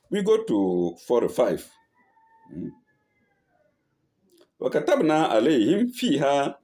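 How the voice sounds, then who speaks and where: A man teaching the Quran verse by verse, reciting lines and then translating them slowly, often correcting himself and checking in with "eh?". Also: on the low side, creaky, dark tone. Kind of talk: verse-by-verse scripture lesson.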